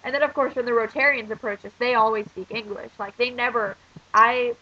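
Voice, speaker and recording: A teenage girl vlogging as an exchange student while sick, with a stuffy nose and a cough, rambling with lots of fillers. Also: a little high. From United States. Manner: rambling, ranting, many fillers. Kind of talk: casual vlog. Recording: dull lo-fi recording.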